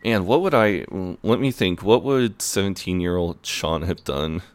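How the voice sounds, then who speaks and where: A man recapping a TV episode on a casual podcast, retelling scenes in a relaxed way. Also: deep voice, measured pace, no echo. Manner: relaxed retelling, quoting characters in plain voice. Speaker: podcast co-host.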